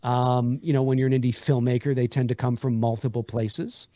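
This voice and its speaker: A man's voice: mid-range voice, fairly even intonation, brisk, warm tone, no room sound, studio quality. A man, an indie horror filmmaker, chatting casually about his project with many fillers and restarts. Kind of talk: casual interview chat.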